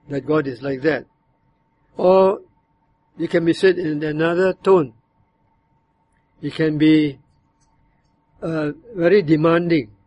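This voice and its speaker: Preacher, slightly high voice. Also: male voice, a little mellow. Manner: measured, explanatory, acts out bitter and demanding tones when quoting. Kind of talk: sermon on a psalm.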